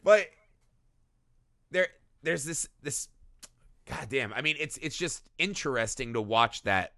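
A man co-hosting a casual movie podcast, talking fast and swearing freely as he breaks down a film. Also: medium pitch, no echo, clean studio sound. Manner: animated, profane, acts out characters in quick bits. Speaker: podcast co-host.

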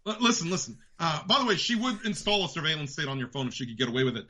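A man with a New York accent hosting a podcast, ranting about politics in a profane, fast, heated way. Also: on the high side, sharp tone. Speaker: podcast host. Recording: dull lo-fi sound.

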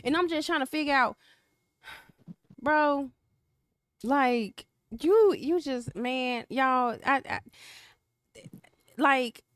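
A woman's voice: high voice, dry recording, studio quality. A woman speaking bluntly and emphatically in a social media video, using slang.

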